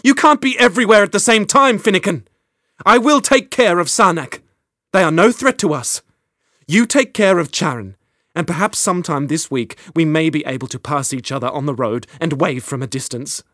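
A man's voice: medium pitch, fairly even intonation, fairly quick, few pauses, no room sound, studio quality, natural voice. A man reading an audiobook, voicing a young queen who speaks with cutting sarcasm and a raised voice. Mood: impassioned. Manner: cutting sarcasm, rising to cries. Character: young adult queen, sharp-tongued and fierce.

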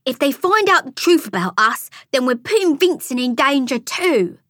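A woman voicing a caring furry female monster friend who speaks low and urgently, in a storybook audiobook. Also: big pitch swings, moderate pace, no echo, studio quality. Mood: urgent hush. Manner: urgent, hushed.

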